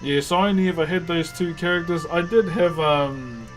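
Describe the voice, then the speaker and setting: A man's voice: a little high, moderate pace, soft background music. A man with a New Zealand accent chatting casually with viewers on a live stream, easygoing and calling everyone bro. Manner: laid-back, calls viewers brother and bro.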